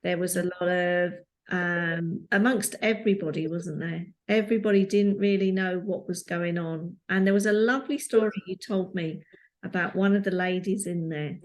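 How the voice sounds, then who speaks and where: A woman's voice: fairly low pitch, fairly even intonation, normal speed. Woman host, wellness coach. Friendly, hesitant chat over a video call. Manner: friendly, hesitant, with fillers and restarts. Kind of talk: casual interview chat.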